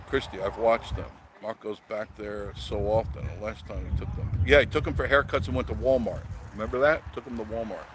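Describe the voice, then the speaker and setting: A man's voice: lowish voice, fairly quick, hardly any pauses. A man hosting a casual live stream, telling rambling stories, chuckling and answering viewer comments. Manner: rambling storyteller, chuckles often. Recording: audible background noise.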